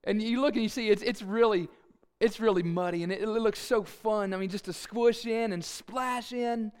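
A man preaching a sermon in an animated, playful storytelling way with asides. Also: high-pitched, normal speed, clean tone. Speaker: pastor.

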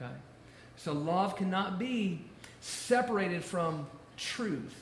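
A man preaching a sermon, stressing key phrases by repeating them slowly. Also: sits high, animated. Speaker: pastor. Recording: echoey room with faint noise.

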